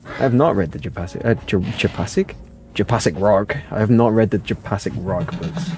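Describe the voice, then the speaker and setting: A man's voice: on the low side, brisk, darkish tone. A young man chatting playfully through a gaming livestream and answering his viewers' chat aloud. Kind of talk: casual livestream commentary.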